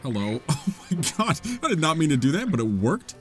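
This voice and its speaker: A young man doing casual Let's Play commentary, goofy and self-mocking, swinging between loud yelps and low mutters. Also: very animated, a little fast, soft background music. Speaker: gaming YouTuber.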